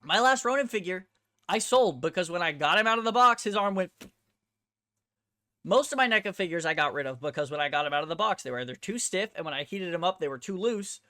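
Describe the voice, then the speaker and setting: A woman's voice: on the low side, expressive, fast talker, pushed and bright, no room sound, clean studio sound. Heated, swearing woman ranting on a vlog. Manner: heated, blunt and profane; emphatic, with rhetorical questions to the viewer. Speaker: host. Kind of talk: ranting toy-collector vlog.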